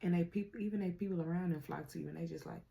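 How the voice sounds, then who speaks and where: Woman tarot reader, casual and slangy, warm and gravelly tone, laughs easily. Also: on the low side, rapid-fire. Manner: slangy and playful, laughs often; talks straight to the viewer.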